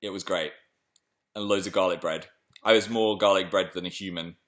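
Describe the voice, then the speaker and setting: A young British man chatting excitedly on a live stream and reading viewer messages aloud. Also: deep voice, fairly quick. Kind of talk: casual live stream chat.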